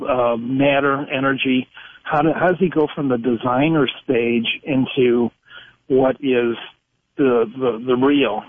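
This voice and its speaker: A man calling in to a radio show, rambling and halting with many restarts. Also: mid-range voice, dry recording. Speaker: caller. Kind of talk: call-in radio. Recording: dry phone line.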